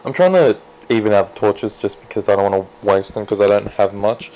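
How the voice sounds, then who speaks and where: A man casually commentating his own gameplay, chatty and self-deprecating, jumping into excited high yelps. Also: fairly quick, lo-fi sound. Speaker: let's play gamer.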